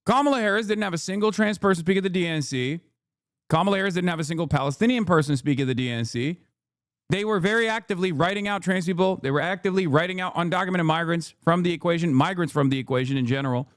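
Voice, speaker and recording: A man's voice: sits high, fast, no room sound, studio quality. A man in his thirties with an American accent, ranting heatedly as a political streamer, profane and repetitive. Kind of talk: ranting commentary.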